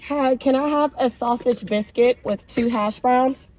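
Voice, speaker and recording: A woman's voice: sits high, measured pace. A young woman vlogging from her car, chatting casually and emotionally to her viewers. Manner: chatty, emotional and animated, addresses viewers as y'all. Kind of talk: casual chat. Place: in a car on a drive-thru run. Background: vehicle noise.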